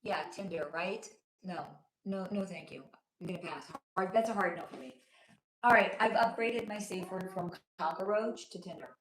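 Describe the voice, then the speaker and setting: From a room in her home, a Los Angeles-based livestream host and spiritual reader chats affectionately with viewers and reads their comments aloud, though she's losing her voice to a sore throat. Her lowish voice moves at normal speed, with a roomy sound and rough recording.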